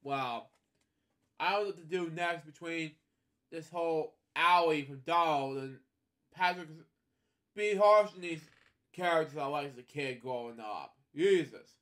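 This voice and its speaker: A man reading a children's storybook aloud in a casual way. His voice is a little high, and he stumbles, repeats words, and keeps breaking off for offhand comments. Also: unhurried, a bit bright. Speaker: storybook reader and host. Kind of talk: casual read-aloud with chatty asides.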